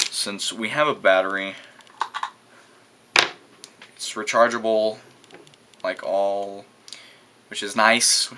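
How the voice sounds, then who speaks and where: Against a noisy background, a teen boy from New Mexico with a lowish voice presents a gadget in a casual vlog. He's rambling and hesitant with plenty of fillers, and his talk is crude, full of swearing and loose slang.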